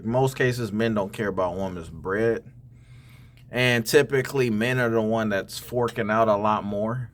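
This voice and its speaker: A man hosting a reaction channel, talking straight to other men about dating and money in a casual, preachy way, often repeating words. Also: lowish voice. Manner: preachy, addresses "fellas" directly, repeats words. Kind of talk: casual commentary on clips.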